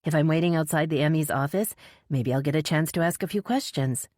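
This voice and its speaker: A woman's voice: deep voice, a little fast, darkish tone, no echo, studio quality, lightly acted. A woman voicing an eager female investigative reporter, purposeful in tone.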